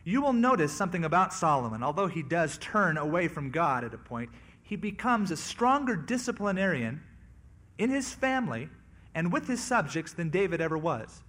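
A man's voice: fairly high pitch, very animated, normal speed, fairly bright tone. A man preaching a sermon on scripture in a conversational way, sometimes acting out the people he quotes. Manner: conversational, acts out quoted voices. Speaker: pastor.

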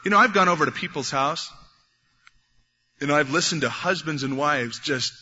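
A man preaching a sermon, animated, acting out the voices of biblical figures as he goes. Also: fairly high pitch, normal speed, slightly rough. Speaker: pastor. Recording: dull lo-fi recording in a reverberant hall.

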